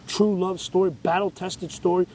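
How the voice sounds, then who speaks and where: A man's voice: high-pitched, flat delivery, normal speed, a little mellow, slight background noise, rough recording. A man, hosting his own show in a rambling, profane, agitated monologue rant. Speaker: show host. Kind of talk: ranting monologue.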